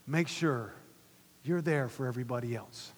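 A man preaching a sermon as pastor, swinging from loud emphatic lines to hushed whispers. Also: mid-range voice, moderate pace, big-room sound.

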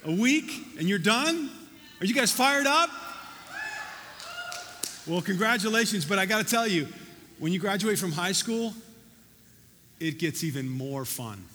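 High bright-voiced pastor in a reverberant hall. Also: male voice, unhurried, long pauses, a little hiss or hum. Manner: conversational and animated, with many restarts. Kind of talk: sermon. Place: church sanctuary.

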